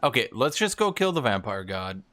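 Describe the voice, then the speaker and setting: A young man commentates casually on a strategy game he's streaming, his medium-pitched, fairly bright voice swinging widely in pitch at a normal speed. He addresses his chat with wry asides, abrupt exclamations and trailing remarks.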